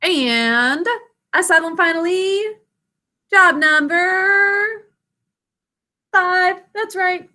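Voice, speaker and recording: Slow, bright-voiced woman teacher. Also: very high-pitched, animated. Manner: sounds out words syllable by syllable, encouraging. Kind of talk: online reading and spelling lesson.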